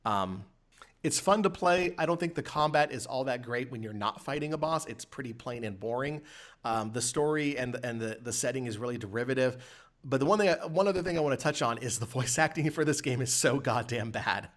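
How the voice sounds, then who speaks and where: A man's voice: medium pitch, lively intonation, brisk, a bit bright. A man co-hosting a podcast in casual chat, laughing often, swearing, and mocking things he finds bad. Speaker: podcast co-host.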